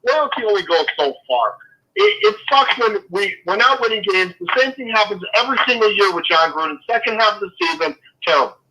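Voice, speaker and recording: A man's voice: high-pitched, lively intonation, a little fast, sharp tone, poor audio. A man talking football as a guest, ranting in a fired-up way, swearing and then apologizing. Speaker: guest fan. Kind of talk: casual sports chat.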